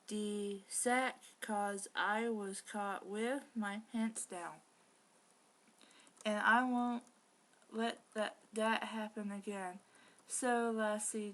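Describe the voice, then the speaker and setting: A woman reading a fan story aloud, voicing a gruff giant Scottish man in a put-on Scottish accent with a slow, drawling brogue. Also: mid-range voice, lightly acted.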